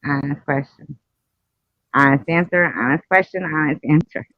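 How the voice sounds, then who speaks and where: A woman's voice: low-pitched, normal speed, dry recording, highs cut off. A middle-aged woman hosting a casual live stream, blunt and teasing, telling stories and laughing often.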